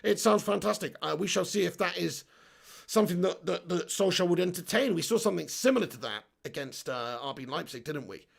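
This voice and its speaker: Hosting a live stream for a football fan channel, this man reads viewer comments aloud and rants with animated energy, laughing often. His strongly gravelly voice sits fairly high for a man and moves a little fast.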